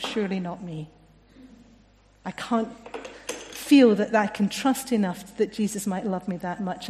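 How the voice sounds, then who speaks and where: A woman preaching a sermon in a gentle, reflective way, often dropping softly in volume. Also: medium pitch. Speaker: family and children's worker preaching. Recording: long echo of a hall.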